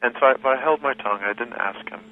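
A man, a guest who teaches history, talking reflectively in an interview, pausing and restarting his sentences often. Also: medium pitch. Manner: thoughtful, halting with many restarts and fillers. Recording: tinny phone line with faint hiss.

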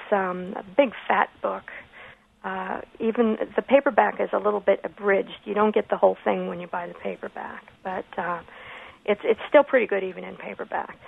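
Gravelly-voiced woman explaining grammar by phone. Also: medium pitch. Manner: measured, explanatory, thoughtful pauses. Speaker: grammar author, radio guest. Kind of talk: radio call-in conversation. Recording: phone line.

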